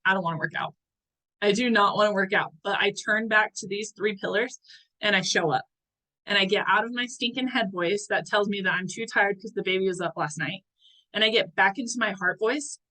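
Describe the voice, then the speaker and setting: Bright-voiced earnest woman coach. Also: mid-range voice, poor audio. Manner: earnest, chatty, searching for words. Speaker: wellness coach. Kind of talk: motivational talk.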